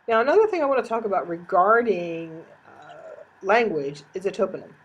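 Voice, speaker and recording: A woman's voice: medium pitch, expressive, moderate pace, husky, muffled recording. A woman giving a recorded course lecture, explaining step by step with frequent "uh" fillers.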